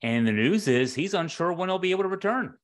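A man's voice: sits high, animated, quick pace. A man hosting an interview, asking loose, conversational questions and correcting himself as he goes. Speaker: podcast host. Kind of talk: casual interview chat.

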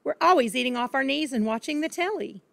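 A small, clever girl speaking up in a high, earnest voice, protesting what she thinks is wrong, as a woman reads her. The sound is close and dry. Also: animated, fast talker, creaky, a bit bright, dry recording, exaggerated voice. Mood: indignant. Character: clever indignant little girl.

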